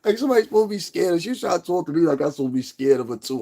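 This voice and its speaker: A man's voice: on the high side, expressive, very fast, vocal fry, warm tone. A man hosting a livestream, ranting in a profane, confrontational way and laughing often. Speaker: livestream host. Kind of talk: casual livestream rant.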